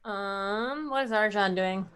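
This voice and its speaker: Woman player, bright clear tone, playful and loose. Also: mid-range voice, takes it slowly. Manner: playful, laughing easily. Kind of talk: casual tabletop game chat.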